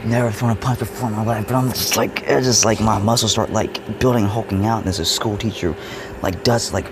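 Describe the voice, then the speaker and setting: A man casually telling a story from his school years, acting out the voices and swinging from whispers to shouts. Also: on the low side, steady tone, a little fast, heavy background noise. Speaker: vlogger.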